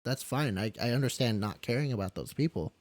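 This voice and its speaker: A young man recounts a hard story at work in a candid, emotional ramble, stumbling over his words and swearing now and then. His voice sits at an everyday middle pitch and is captured dry and close on the mic, with no room sound. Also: animated, brisk, no echo. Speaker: caregiver and podcast guest. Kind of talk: candid storytelling in a live-streamed interview.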